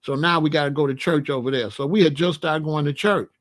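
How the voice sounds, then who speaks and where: A man in his sixties telling stories in a casual, animated way, full of street slang and "you know what I'm saying.". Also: fairly high pitch, a little fast. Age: 60s. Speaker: channel host. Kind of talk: casual storytelling monologue.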